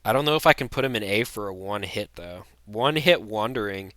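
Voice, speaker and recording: A man's voice: on the low side, expressive, fairly quick, fairly bright tone, no room sound. A young man giving blunt, rambling tier-list commentary, full of fillers and restarts. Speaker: vlogger.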